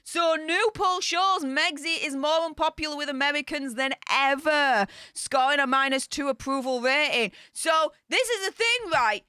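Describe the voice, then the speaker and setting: Excitable british woman ranting on a live stream, kinda high and bright, shrieks then mutters. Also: moderate pace, hardly any pauses, no echo, studio quality. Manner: excitable, scornful, swings between shrieks and mutters. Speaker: royal news commentator.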